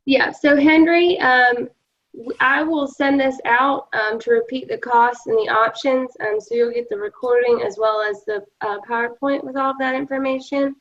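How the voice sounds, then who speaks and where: A woman co-hosting a webinar, passing on questions and announcements in a relaxed way, with frequent fillers. Her voice sits a little high, and the audio is dull and lo-fi. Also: normal speed. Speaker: webinar co-host. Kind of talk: casual webinar moderation.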